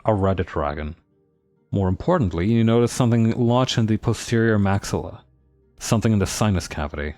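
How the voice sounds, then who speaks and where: A man's voice: on the low side, lively intonation, brisk, a little mellow, no echo, faint music behind. A man streaming a story game, reading its narration aloud with dramatic pacing and joking asides.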